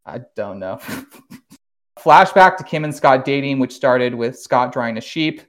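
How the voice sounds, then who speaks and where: A man hosting a podcast, recapping an animated series in an animated, casual way, swearing now and then and laughing often. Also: medium pitch, unhurried. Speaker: podcast host.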